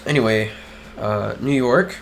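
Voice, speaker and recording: A man's voice: fairly low pitch, measured pace, vocal fry, a little hiss or hum. A young man co-hosting a casual podcast, easily distracted and teasing his friend, laughing often. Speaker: podcast co-host. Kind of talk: casual chat.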